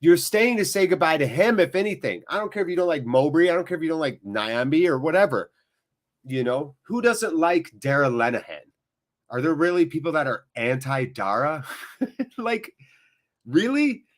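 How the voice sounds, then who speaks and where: Talking a little fast in an animated, slightly high voice, this American watchalong host chats casually and ramblingly to his viewers during a live football game. He sounds emotionally drained.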